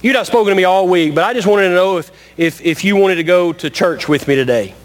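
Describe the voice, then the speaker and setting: A man's voice: sits high, big-room sound, close to an everyday voice. A man voicing a lonely single man who grows impatient with a silent pet, in a sermon story. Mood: coaxing. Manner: pleading then shouting, fast.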